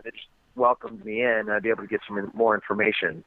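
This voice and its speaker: A man's voice: on the low side, very animated, creaky, no room sound. American man on a tinny phone line. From United States. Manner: halting, frequent ums and restarts. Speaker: guest fighter. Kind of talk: phone interview.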